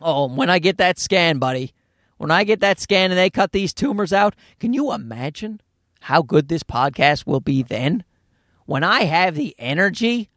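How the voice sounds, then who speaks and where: A man's voice: high-pitched, fairly bright tone, no echo, studio quality. A man hosting a casual solo podcast, rambling from thought to thought, swearing freely and poking fun at himself. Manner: rambling, profane, self-deprecating. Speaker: podcast host and comedian.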